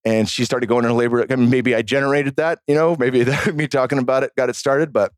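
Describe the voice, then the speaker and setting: A man guest on a podcast, telling stories in a casual, animated, profane way. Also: medium pitch, fast, clean tone, no room sound, clean studio sound. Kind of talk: casual storytelling chat.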